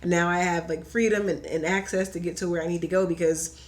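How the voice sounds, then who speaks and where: Animated woman telling a story. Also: lowish voice, fairly quick. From Hampton Roads, Virginia. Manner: animated storyteller, acts out quoted voices. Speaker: podcast guest. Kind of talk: casual chat.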